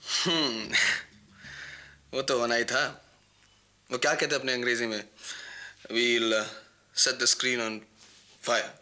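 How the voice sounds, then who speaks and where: A man's voice: mid-range voice, fairly even intonation, very fast, long pauses, pushed and bright. An actor playing a boastful, flirtatious male film star with an Indian accent, breezily mixing Hindi into his English. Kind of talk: 1990s TV drama acting.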